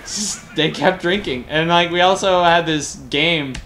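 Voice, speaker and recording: Rambling, excitable young man caster. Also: fairly high pitch, a little slow, slight background noise. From Colorado, USA. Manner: rambling, excited anecdotes with swearing and laughter. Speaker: game caster. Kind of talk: casual storytelling during a game broadcast.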